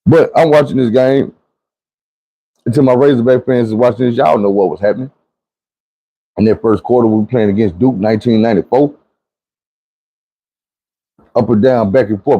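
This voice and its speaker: Dark-voiced man telling a story. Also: lowish voice, normal speed, long pauses, breathy edge, no room sound, dull audio. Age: 40s. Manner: conversational, emphatic, repeats "you know what I'm saying". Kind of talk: personal storytime monologue.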